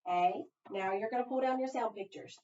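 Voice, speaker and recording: Patient teacher spelling aloud in echoey room. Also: female voice, on the high side, fairly quick, dark tone, slight background noise. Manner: patient, step-by-step, sounding out letters one by one. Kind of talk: phonics spelling lesson. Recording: echoey room, far from mic, dull lo-fi.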